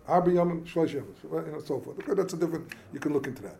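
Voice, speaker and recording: A man's voice: a little high, expressive, racing, creaky, warm tone. A man teaching an informal Talmud class who halts, repeats words and keeps asking rhetorical questions. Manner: mixes Yiddish-Hebrew study terms into speech.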